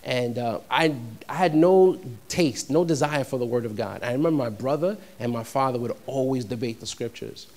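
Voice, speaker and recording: A young adult man from New York preaching a sermon, shifting between conversational storytelling and loud, emphatic peaks. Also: medium pitch, normal speed. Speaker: pastor.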